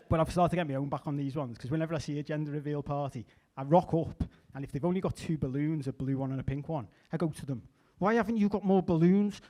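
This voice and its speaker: A middle-aged man performing a stand-up comedy set, chatty with deadpan asides and small restarts. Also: a little high. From England.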